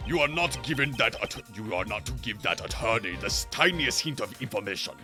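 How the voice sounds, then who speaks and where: A man's voice: on the low side, expressive, brisk, close to an everyday voice. A man voicing a stern, furious older male prosecutor with a put-on German accent, barking scornful commands over game music.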